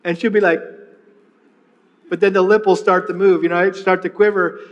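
A middle-aged man preaching a sermon, telling a personal story with lively retellings and frequent restarts. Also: high-pitched, normal speed, big-room sound, dull audio. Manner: storytelling, animated, with many restarts. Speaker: pastor.

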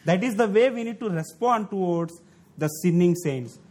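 A man's voice: high voice, expressive, normal speed, a little mellow. A man preaching a sermon in non-native English phrasing, repeating key words for emphasis and lifting his voice on the points he stresses.

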